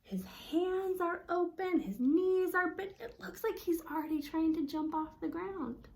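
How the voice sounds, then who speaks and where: A young adult woman speech-language pathologist, demonstrating expressive read-aloud with wide swings in her voice and friendly teacherly explanations. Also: a little slow, vocal fry. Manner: expressive storybook reading with wide pitch swings.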